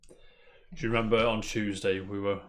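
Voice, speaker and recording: Chatty man, low voice. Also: little pitch movement, a little fast. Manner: chatty, rambling, peppers talk with "mate". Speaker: podcast co-host. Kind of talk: casual news chat.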